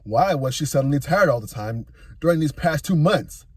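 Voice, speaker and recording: A man in his thirties reads out his own story in a slightly husky voice, fairly high for a man. The sound is dry and close, with almost no room around it. He adds dry asides between the sentences. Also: animated, moderate pace, darkish tone, no echo. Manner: reading a written account with dry asides. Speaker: narrator. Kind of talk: narrated personal story.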